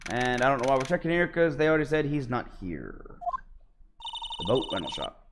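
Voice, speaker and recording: A man's voice: mid-range voice, very animated, a little fast, noisy background. A man streaming a video game, reading its dialogue aloud with casual joking asides. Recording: game music behind the voice.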